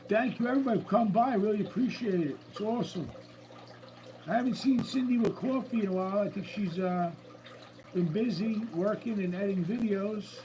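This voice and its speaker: A man's voice: high-pitched, darkish tone, a little hiss or hum, rough recording. A man hosting a casual live stream, chatty and upbeat as he greets viewers by name. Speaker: livestream host. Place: room at home with a running water tank. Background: faint running water from a tank.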